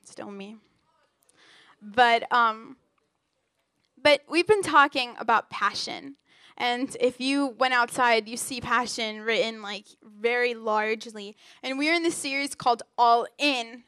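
In a slightly high, fairly bright voice, a young youth speaker delivers a relaxed sermon at a church gathering, telling stories with lots of fillers. She's playful and pokes fun at herself; the studio-quality audio has no room sound.

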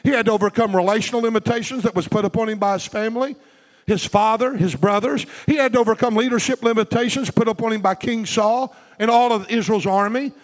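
Speaking fast, a pastor whose voice sits very high for a man delivers fervent, rhythmic preaching, calling out for amens in call-and-response bursts. The long reverb of a large hall rings around him.

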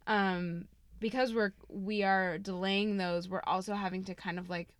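A woman's voice: medium pitch, fairly even intonation, a little slow, dry recording. A woman in her thirties co-hosting a podcast, telling a personal story casually with many fillers. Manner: chatty storytelling, lots of "like". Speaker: podcast co-host. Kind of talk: casual chat.

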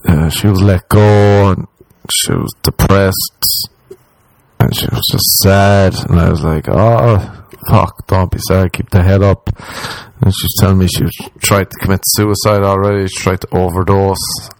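A man's voice: low voice, steady tone, unhurried. Rambling, profane Irish man. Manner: rambling, profane, self-deprecating. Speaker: comedian and podcast host. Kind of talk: casual storytelling monologue.

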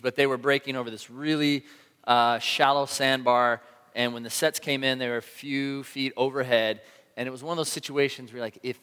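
A man preaching a sermon to a congregation, telling a story with animated energy and acting out his own shouts. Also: mid-range voice. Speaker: pastor. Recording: long hall reverb.

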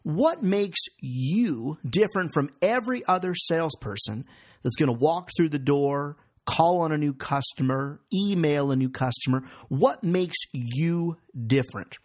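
Energetic husky-voiced male sales coach. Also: fairly high pitch, moderate pace. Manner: energetic, emphatic, rhetorical questions. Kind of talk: motivational sales training talk.

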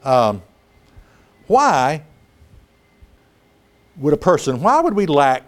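Man, preacher, sermon, dramatic storytelling, high-ish voice, swooping intonation. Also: slow pace, soft background music. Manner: animated, dramatic acting-out of scripture scenes.

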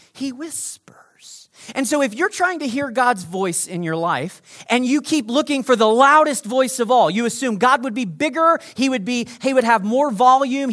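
A man preaching a sermon as pastor, animated, swinging between loud emphasis and soft whispers. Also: extremely high pitch.

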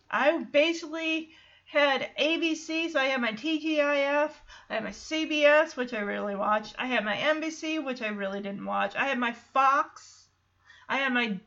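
A woman hosting a podcast, retelling a sitcom episode in a casual, animated way and acting out the characters' lines. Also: high voice. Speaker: podcast host. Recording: slightly dull lo-fi sound.

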